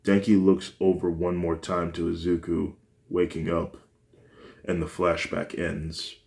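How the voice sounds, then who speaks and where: Slow, deep-voiced male story reader. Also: flat delivery, creaky, a little mellow. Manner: halting reading with restarts. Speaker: narrator. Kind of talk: amateur fan-fiction narration.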